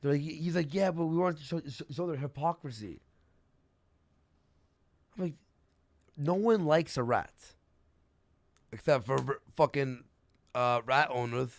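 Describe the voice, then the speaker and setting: A man's voice: fairly high pitch, fairly even intonation, moderate pace, long pauses, dry recording. A young man hosting a casual livestream, telling rambling gossip stories with lots of swearing and laughter. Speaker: streamer host.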